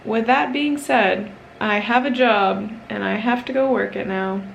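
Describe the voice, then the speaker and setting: A woman's voice: medium pitch, unhurried, gravelly, dull audio, a little hiss or hum. A young woman chatting casually to her camera, rambling with lots of fillers and self-mocking asides. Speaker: vlogger. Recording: roomy echo.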